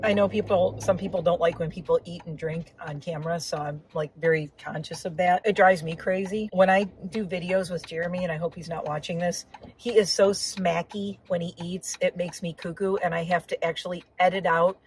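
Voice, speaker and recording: A woman's voice: on the low side, steady tone, a little fast, low-quality recording. A woman talks casually to her viewers while she drives, rambling from one topic to the next with plenty of asides. Her throat is a little sore. A faint hum of the car sits under her voice. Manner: rambling, chatty, frequent asides. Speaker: vlogger. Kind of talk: casual chat while driving. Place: inside a car on the road.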